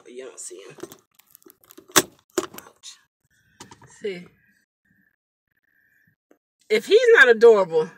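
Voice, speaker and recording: A woman's voice: sits high, very noisy. A woman rideshare driver chatting casually on a live stream from her car into a phone, telling stories with lots of exclamations. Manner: chatty, animated storytelling with frequent exclamations. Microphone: phone mic.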